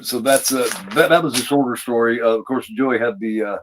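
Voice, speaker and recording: A man's voice: medium pitch, steady tone, brisk, a little hiss or hum, rough recording. Rambling man recapping an episode. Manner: rambling, many fillers and restarts. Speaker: podcast host. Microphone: streamed podcast mic.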